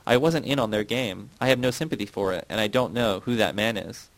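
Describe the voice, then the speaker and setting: A man narrating a novel in a measured reading voice, giving the characters' quotes a light touch. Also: fairly low pitch, dry recording, low-quality recording. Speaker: audiobook narrator. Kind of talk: scripted narration.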